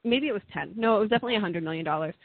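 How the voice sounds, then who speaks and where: Male co-host, higher pitched, gravelly, dry joking, tinny dry sound. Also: expressive, very fast, dry recording. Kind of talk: casual talk show banter. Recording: dry phone-quality audio.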